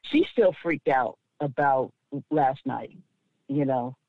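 A man calling in to a radio show, chatty and quick to laugh as he tells a story. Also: medium pitch, vocal fry, dry recording. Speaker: caller. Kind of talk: casual call-in chat. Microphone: phone. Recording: dry tinny phone line.

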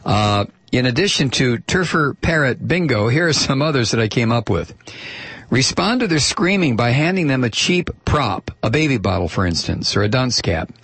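A man's voice: mid-range voice, very animated, normal speed, a bit bright, slightly rough, no room sound. A man hosting a talk radio show, chatty and opinionated, reading listener mail aloud into a studio microphone.

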